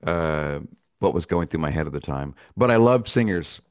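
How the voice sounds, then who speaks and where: A man being interviewed as a musician, speaking haltingly with many fillers, in his morning voice just after waking. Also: a bass voice, lively intonation, clear, resonant tone, no room sound. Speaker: musician guest. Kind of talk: casual interview chat.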